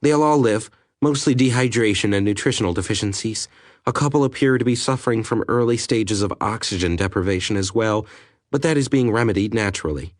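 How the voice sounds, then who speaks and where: A man's voice: lowish voice, no echo, clean studio sound, lightly acted. A male narrator voicing a blunt, cheerful ship's doctor in an audiobook. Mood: matter-of-fact. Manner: brusque then quick and apologetic.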